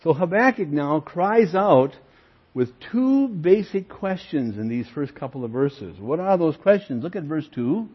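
Older man, pastor, emphatic sermon, lively swooping pitch, dull lo-fi sound. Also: a little slow, slightly rough. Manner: earnest preaching, emphatic, addresses listeners as friends.

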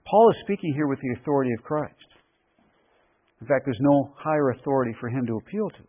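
A man preaching a verse-by-verse sermon in an emphatic, deliberate way, repeating key phrases for weight. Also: mid-range voice, animated. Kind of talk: expository sermon. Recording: phone-like radio broadcast.

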